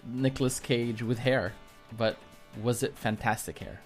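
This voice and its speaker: A man co-hosting a podcast in casual chat, hesitant, often pausing and restarting. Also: medium pitch, steady tone, faint music behind. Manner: hesitant, many fillers and restarts. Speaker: podcast co-host.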